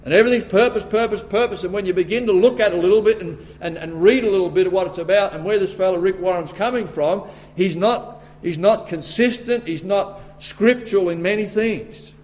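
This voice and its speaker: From the pulpit, an Australian preacher whose voice sits high for a man starts by reading scripture slowly. His delivery grows emphatic, rising into loud, forceful warnings, then settles back to a plainer teaching tone.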